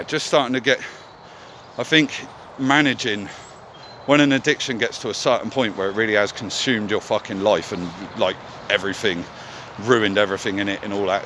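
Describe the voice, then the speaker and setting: Man, casual vlog, candid, swears a lot, outdoors, traffic noise behind. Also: fairly low pitch. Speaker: vlogger. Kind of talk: casual monologue.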